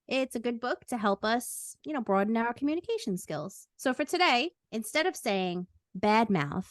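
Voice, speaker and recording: A woman's voice: fairly high pitch, sing-song, no room sound. A woman co-hosting a podcast in casual chat, playful and jokey. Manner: playful, jokey, quick to laugh. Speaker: podcast co-host.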